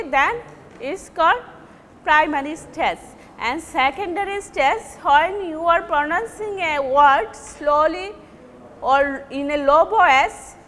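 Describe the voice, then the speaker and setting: Bangladeshi lady teaching english, high bright voice, reverby room with faint hum. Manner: slow, deliberate, repeats and stresses example words. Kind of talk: recorded lecture.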